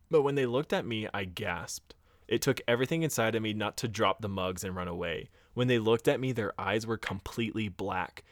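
A man on a podcast retells a spooky encounter in a loose, chatty way, slipping into voices for the people in the story. His voice sits fairly low, and the sound is dry and close. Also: no room sound. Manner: retells a scary story, acting out quotes, laughing, swearing. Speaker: podcast co-host. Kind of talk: casual storytelling chat.

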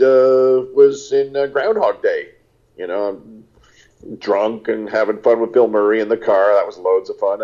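A man's voice: mid-range voice, lo-fi sound. An older man, an actor, chatting casually in an interview and rambling through stories with lots of "uh"s. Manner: rambling, animated storytelling with lots of "uh". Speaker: actor guest.

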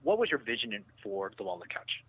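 A man hosting a podcast, asking halting questions full of fillers. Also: on the low side, very animated, breathy edge, no room sound. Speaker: podcast host. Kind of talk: casual podcast interview. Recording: dull, dry sound.

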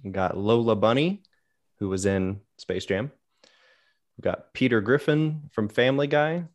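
A man on a casual podcast, reading out a list in a steady, matter-of-fact way with small asides. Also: medium pitch, measured pace. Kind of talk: casual chat.

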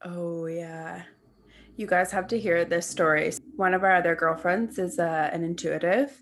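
A woman's voice: lowish voice, normal speed. A young adult woman co-hosting a podcast, telling stories with lots of laughter and casual swearing. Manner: animated storyteller, laughs often, swears freely. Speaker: podcast co-host. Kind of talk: casual chat.

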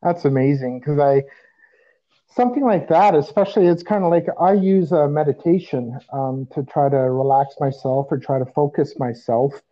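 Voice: medium pitch, moderate pace, muffled recording. Encouraging podcast host asking questions. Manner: encouraging, laughs easily. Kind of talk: casual interview chat.

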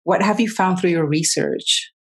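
Woman host, lower voice, hesitant interviewer who restarts her questions. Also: normal speed, slightly rough. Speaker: podcast host.

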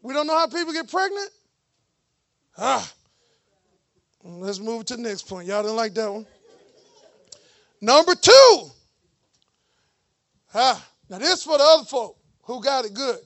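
A man preaching a lively sermon in church, with joking, mocking asides to the congregation. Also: extremely high pitch, measured pace, pauses often. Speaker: pastor.

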